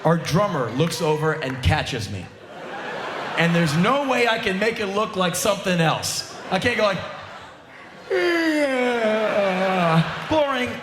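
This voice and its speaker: A man in his forties giving an animated live spoken word monologue on a theater stage, with sudden loud outbursts. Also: high voice, moderate pace, noisy background. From United States. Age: 40s. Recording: roomy live theater sound.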